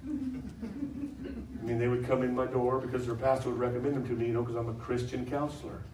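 A male preacher tells stories to his congregation in an easy, conversational way, then pushes his points out loud and emphatic. His voice sits in a mid range and carries some distance from the mic. The church around him is roomy and echoing, with a faint hiss underneath. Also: mid-range voice, level tone, quick pace. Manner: conversational storytelling, swelling to loud laughing emphasis. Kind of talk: sermon with humorous stories. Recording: echoey live church recording from a distance.

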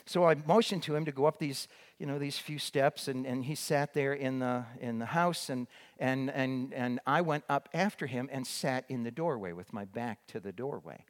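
An older man recounts his missionary years in a loose storytelling talk. He rambles, restarts his sentences and fills pauses with "uh" and "you know". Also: mid-range voice. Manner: rambling with many restarts and fillers. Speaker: former missionary.

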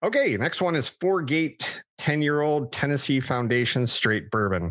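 A man in a relaxed podcast conversation, reading off a list in a chatty, stop-start way. His voice sits in a mid male range and sounds close and dry, with little room in it. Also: mid-range voice, moderate pace, no room sound. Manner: chatty, with frequent restarts and fillers, reading from a list. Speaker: podcast host. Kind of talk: casual chat.

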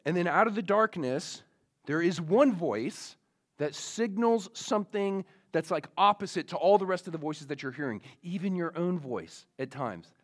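A man's voice: high-pitched, animated, normal speed. A male pastor preaching a sermon in a casual storytelling way, with many fillers, speaking to young listeners.

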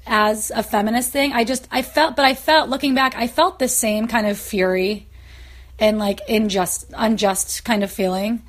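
A woman hosting a podcast, chatting casually and telling lively stories full of quoted voices. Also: a little high, normal speed. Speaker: podcast host. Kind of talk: casual chat.

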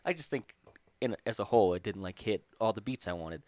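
A man's voice: fairly low pitch, animated, brisk, dark tone, no room sound. A man talking casually about a movie, rambling with lots of fillers.

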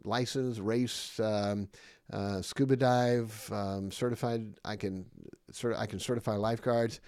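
A man's voice: on the low side, creaky, a little mellow, dry recording. Guy preaching a bible lesson, emphatic, keeps firing off questions, dry close mic. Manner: emphatic, with rhetorical questions and repetition. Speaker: podcast preacher and jail Bible teacher.

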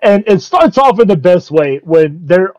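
Excitable high-pitched male podcaster, laughs through his recaps, curses, dull lo-fi audio. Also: a little slow. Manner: excitable, laughs constantly while retelling; swears casually. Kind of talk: casual chat recapping an anime episode. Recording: dull lo-fi sound.

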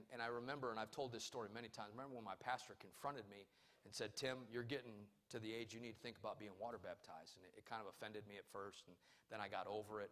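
A male pastor preaching a sermon in church. He swings between loud, emphatic calls and quiet, personal storytelling. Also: on the low side.

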